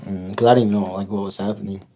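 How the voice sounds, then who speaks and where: A young man, a guest in a casual family conversation, speaking in a laconic, low-key way. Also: steady tone, racing, warm tone. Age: young adult.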